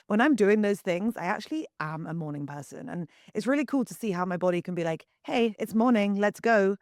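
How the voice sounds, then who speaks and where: A young woman hosting a solo podcast, husky from the early morning, talking frankly to listeners as if to close friends. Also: lowish voice, sing-song, quick pace, a little mellow, dry recording. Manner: candid, confiding, talks to listeners like friends. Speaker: podcast host and wellness coach. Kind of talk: chatty solo podcast monologue.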